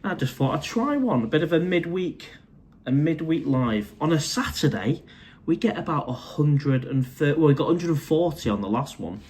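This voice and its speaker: A man's voice: a little high, sing-song, moderate pace, a little mellow. A man, casually chatting on a live stream from his condo, reading out viewer comments and calling everyone mate. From England.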